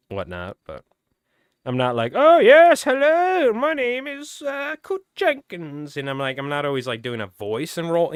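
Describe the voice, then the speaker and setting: In a clean, studio recording with no room sound, this man speaks in a lowish, slightly bright voice that is clear and resonant. He rambles casually through a fly-tying livestream, greeting people in the chat by name. Tiredness strains his voice, and he clears his throat now and then.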